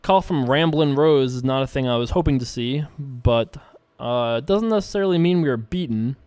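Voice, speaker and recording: A young man in casual commentary, talking through his poker hands and thinking out loud with playful asides. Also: mid-range voice, normal speed, clear, resonant tone, no echo. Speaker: poker streamer and show host. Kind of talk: casual commentary while playing online poker.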